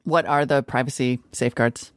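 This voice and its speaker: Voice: medium pitch, fairly even intonation, normal speed, no echo, studio quality. An interviewer asking pointed, probing questions in a news interview.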